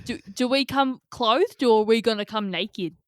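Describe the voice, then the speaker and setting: Woman doing a casual laid-back caller, says mate, mid-pitched, dry sound. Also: normal speed, dry recording, natural voice. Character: casual woman caller, blokey Australian slang.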